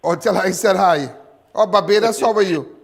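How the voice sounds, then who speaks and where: A Trinidadian man hosting a live crime call-in show, animated and repetitive. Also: sits high, fairly quick, creaky, in a large hall. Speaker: talk show host.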